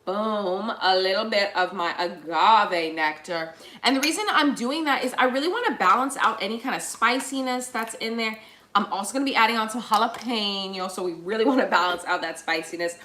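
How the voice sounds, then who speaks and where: Hosting a casual live cooking show, a woman chats playfully with her viewers as she cooks in her kitchen, often breaking into made-up little songs. Her voice is mid-range, bright and forceful, and she speaks a little quickly.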